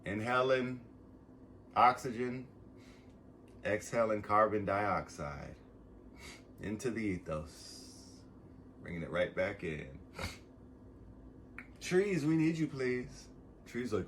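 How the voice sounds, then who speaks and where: A man vlogging a casual motivational monologue, rambling and swearing, swinging from loud bursts to soft asides as he gets emotional and close to tears. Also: on the low side, lively intonation, slow, pauses often, a little hiss or hum.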